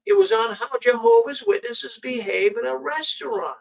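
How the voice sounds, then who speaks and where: A man hosting a casual talk show, telling stories in an animated way. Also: very high voice, normal speed, creaky, distant mic, low-quality recording. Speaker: host.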